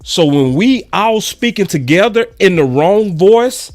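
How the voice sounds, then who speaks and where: A man's voice: high voice, lively intonation, unhurried, darkish tone. A man hosting his own sports channel, delivering a slangy, emphatic fan monologue that repeats its points for weight. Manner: emphatic and repetitive, slangy and preachy. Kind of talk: fired-up fan commentary monologue.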